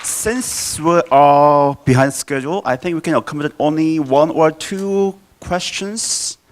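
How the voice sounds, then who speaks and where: A man chairing a conference session, briskly calling for questions and wrapping up. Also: a little high. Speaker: session moderator. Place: conference hall.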